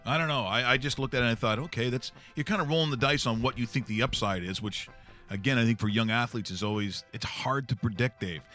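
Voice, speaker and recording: Man, sports talk host, casual banter, bright tone, faint music in the background. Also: medium pitch. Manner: quick questions, joking, throws topics to the panel.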